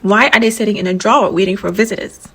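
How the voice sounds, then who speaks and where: A young woman from Ghana talking candidly in a casual vlog, giving gentle, reassuring advice. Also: medium pitch, quick pace, poor audio. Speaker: vlogger.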